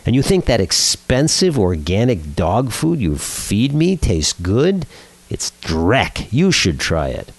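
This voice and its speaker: A man's voice: fairly low pitch, huge pitch swings, takes it slowly, no room sound, heavily acted. A man voicing a young male dog who whines and complains to his owner in a joke. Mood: whiny. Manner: whiny kvetching.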